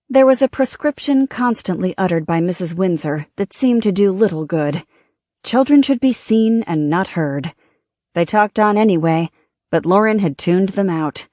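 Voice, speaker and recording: A woman's fairly low voice carries an audiobook narration that is steady and measured. There's no room sound, and the studio recording is clean.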